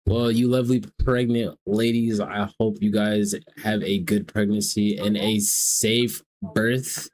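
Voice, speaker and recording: Teasing man, slightly low voice. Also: level tone, takes it slowly, darkish tone. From American South. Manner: teasing, profane, joking. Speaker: livestream host. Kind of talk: casual live-stream chat with strangers.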